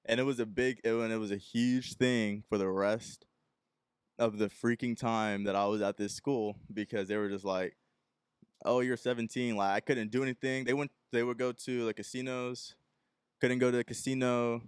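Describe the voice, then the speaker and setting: A man's voice: medium pitch, level tone, normal speed, clean tone, dry recording, studio quality. A young man from Texas hosting a podcast, telling a rambling story and acting out the people in it. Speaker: podcast host. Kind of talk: casual solo podcast storytelling.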